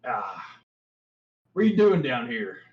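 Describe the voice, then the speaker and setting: A man's voice: medium pitch, big pitch swings, slow, far from the mic, muffled recording. A man doing a foul-mouthed grumpy bugbear. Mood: irritated. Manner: cursing, snappish.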